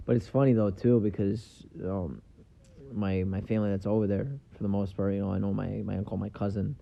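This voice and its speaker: A young man with a fairly low voice talks through his solo podcast in loose, wandering chat, swearing without care and filling every gap with ums. The sound is dull and a little lo-fi. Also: level tone, a little fast, creaky, dark tone. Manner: casual, swears, lots of ums. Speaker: podcast host.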